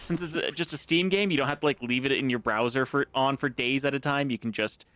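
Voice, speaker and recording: A man's voice: mid-range voice, fast talker, fairly bright tone, clean tone. A man playing a game while chatting casually, muttering to himself as he plays. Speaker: player in a let's play. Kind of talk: casual gaming chat.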